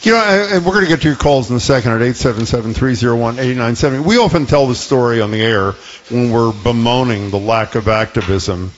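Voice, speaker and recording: A man's voice: mid-range voice, fast talker, a little hiss or hum. Male talk-radio host, earnest and probing, slightly dull studio sound.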